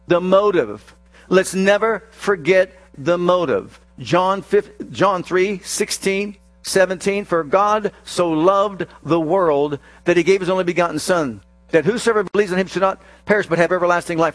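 A man preaching a sermon, acting out scripture scenes with slow emphasis and sudden rapid bursts. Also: high voice, no echo. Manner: dramatic, acts out quoted scripture voices, shifts between slow emphasis and rapid bursts.

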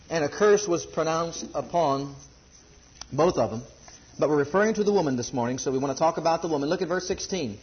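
A man's voice: fairly high pitch, animated, a little fast, highs cut off. A man preaching a sermon to a congregation, building emphasis and asking rhetorical questions.

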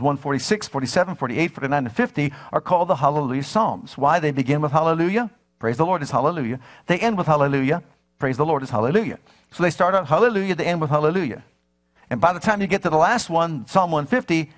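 A man preaching a sermon with fervor, repeating phrases and putting questions to his listeners. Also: high voice. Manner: fervent, repeats phrases, asks the audience questions.

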